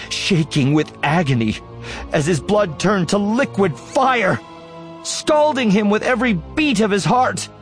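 Expressive male audiobook narrator. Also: fairly high pitch. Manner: expressive, voicing characters. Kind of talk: dramatic story narration.

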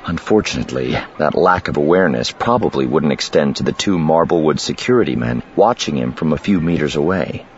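A man reading an audiobook as the narrator, with an expressive, dramatic delivery, in a dull lo-fi recording. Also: extremely low pitch, brisk, few pauses, some chatter behind, slight background noise. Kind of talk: scripted narration.

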